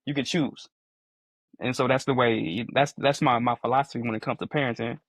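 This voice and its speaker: A man in his forties talks in a relaxed podcast conversation, earnest and inclined to repeat himself as he builds a point. His voice sits at an ordinary middle pitch. The mic is close and dry, with no room sound. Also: brisk, no echo. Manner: earnest, repeats phrases while explaining. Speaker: podcast co-host. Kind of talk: casual podcast chat.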